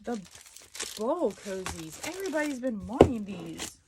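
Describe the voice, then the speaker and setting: A woman's voice: medium pitch, big pitch swings, unhurried, heavy background noise. Chatty woman rambling on a live stream. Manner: chatty and rambling, thinks out loud. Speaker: live-stream host of a sewing channel. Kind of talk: casual live-stream chat.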